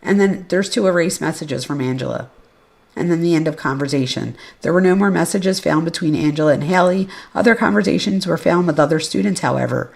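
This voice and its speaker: A woman's voice: on the low side, vocal fry, a little mellow. A woman hosting a podcast, reading case records and message exchanges aloud with casual, blunt asides. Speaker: podcast host.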